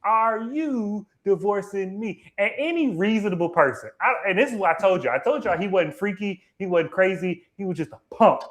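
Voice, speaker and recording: Emphatic man with a high voice. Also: expressive, quick pace, few pauses, a bit bright. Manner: emphatic, colloquial, repeats words when heated. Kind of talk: live TV episode review chat.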